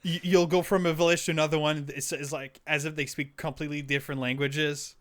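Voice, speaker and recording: Young male co-host, smooth resonant voice, loose rambling podcast chat. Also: fairly high pitch, level tone, a little fast. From Quebec. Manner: rambling, lots of filler and restarts. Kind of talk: casual chat.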